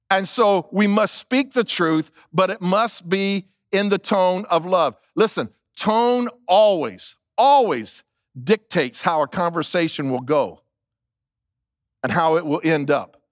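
A man's voice: sits high, dry recording, clean studio sound. A male pastor preaching a sermon, emphatic, repeating key lines and asking the congregation questions.

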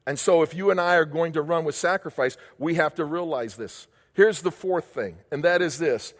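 An older male pastor with a notably high voice delivers an emphatic sermon, hammering home phrases by repeating them and asking the room rhetorical questions. His words ring out with the long, lingering reverb of a large church hall. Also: normal speed.

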